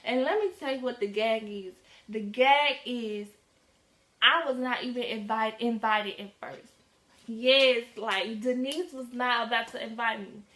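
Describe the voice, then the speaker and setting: A teenage girl telling a casual storytime in a lively, slangy way, acting out the dialogue as she goes. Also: fairly high pitch, measured pace. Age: teens. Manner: animated, slangy, acts out quoted dialogue. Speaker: vlogger. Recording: echoey room.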